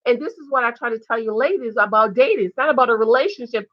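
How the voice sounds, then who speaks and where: A woman's voice: a little high, fast, lo-fi sound. Chatty woman recapping a reality show. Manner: animated, mimics the cast in quotes. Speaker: show reviewer. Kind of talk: casual TV recap.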